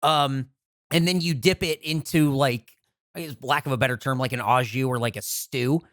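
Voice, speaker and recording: A man on a podcast explaining things in a casual, halting way, often pausing to find the right word. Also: mid-range voice, fairly bright tone, no echo, studio quality. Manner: hesitant, searches for words with many "like"s. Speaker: podcast co-host. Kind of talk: casual chat.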